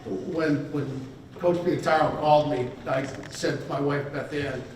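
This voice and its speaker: A man's voice: on the high side, fairly even intonation, measured pace, darkish tone, slight background noise. A man in his fifties giving a rambling, self-deprecating hall of fame acceptance speech at a banquet dinner. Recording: echoey banquet hall from far off.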